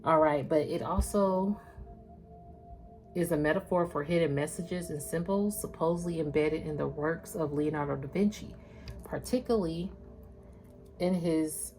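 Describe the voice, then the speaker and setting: A woman's voice: low-pitched, normal speed, a little mellow, faint music behind. A woman doing a casual spiritual reading, chatting with viewers in a slangy, loose way. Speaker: spiritual tarot reader.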